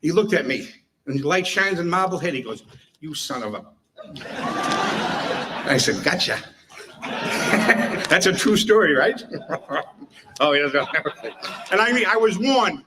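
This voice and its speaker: A man's voice: a little high, expressive, a little slow, pauses often, heavy background noise. A man giving a humorous retirement tribute speech, chuckling his way through anecdotes. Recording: voice heard from a distance.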